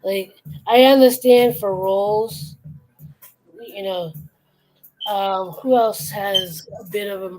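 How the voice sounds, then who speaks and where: A woman's voice: medium pitch, fairly even intonation, takes it slowly, pauses often, darkish tone, poor audio. A tired woman chatting loosely and laughing as she draws on a live stream. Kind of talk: casual chat.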